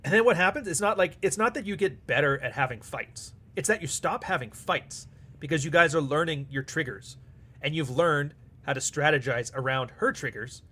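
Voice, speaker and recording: A man's voice: fairly high pitch, normal speed, bright, forceful tone, husky. A man hosting a live stream, talking casually and bluntly with plenty of swearing and acting out back-and-forth dialogue as he answers super chats. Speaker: livestream host.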